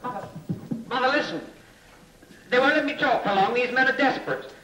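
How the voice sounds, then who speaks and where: A man's voice: extremely high pitch, a little fast. An actor playing a terrified man pleading for his life on a tape recording played in court, his voice strained and desperate. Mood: pleading, panicked. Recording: distant echoey tape playback with faint hiss.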